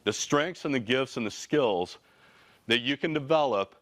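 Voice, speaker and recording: A man in his forties, a company CEO, giving a motivational talk with energetic, casual and slangy storytelling. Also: mid-range voice, normal speed. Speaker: company CEO, guest speaker.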